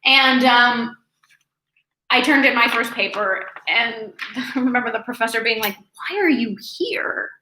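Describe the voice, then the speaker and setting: A congested young woman rambles through a casual live stream from her apartment, full of fillers and self-corrections. Her voice is bright and slightly high. The room sounds echoey, with a faint hiss underneath. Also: steady tone, a little slow. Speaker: artist live-streaming from home.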